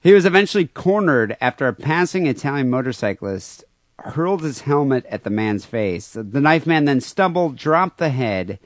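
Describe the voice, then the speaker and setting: A male podcast host with a middle-pitched voice, talking loosely and crudely and stopping often on "uh." The sound is dry and close to the mic. It is casual chat between friends. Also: lively intonation, moderate pace, dry recording. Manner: rambling, many fillers, crude humor. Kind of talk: casual podcast chat, reading listener mail.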